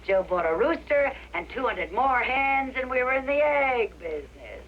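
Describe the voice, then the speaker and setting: A retired vaudeville wife with a lively, animated voice. She tells the story in a dry, wry way. The sound is a muffled 1960s TV soundtrack with faint hiss. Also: a little high, normal speed. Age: older. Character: wry, good-humored old woman farmer, retired performer. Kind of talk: 1960s TV drama acting.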